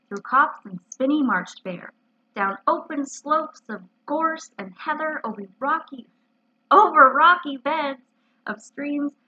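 A woman, a librarian, reading a children's story aloud in an expressive storytelling way, on a muffled lo-fi recording. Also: a little high, husky.

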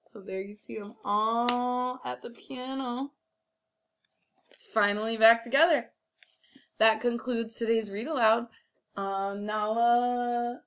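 Woman, picture book read-aloud, gentle, warm toward kids, somewhat high pitch. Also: fairly even intonation, slow pace.

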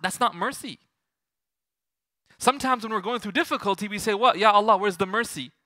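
Animated man giving an Islamic talk. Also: a little high, dry recording, clean studio sound. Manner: animated, asks the audience questions. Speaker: Islamic teacher. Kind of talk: Islamic lecture to an audience.

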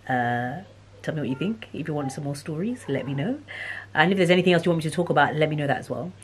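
A woman's voice: low-pitched, fast, a little hiss or hum. A woman telling a storytime vlog in a chatty manner with many ums, laughing off a scary memory. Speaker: vlogger.

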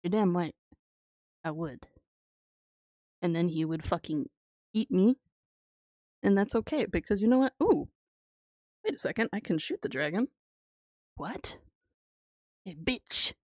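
Slow-talking, laughing woman game streamer. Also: fairly low pitch, dry recording, clean studio sound. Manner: excitable, laughs often, swears freely. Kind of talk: casual live gameplay commentary.

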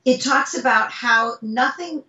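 A woman's voice: fairly high pitch, a little slow. A woman who works as a speaking coach, chatting in an interview and acting out bits of dialogue as she tells stories. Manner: animated storytelling, acts out dialogue. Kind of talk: casual interview chat. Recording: roomy, distant, dull sound.

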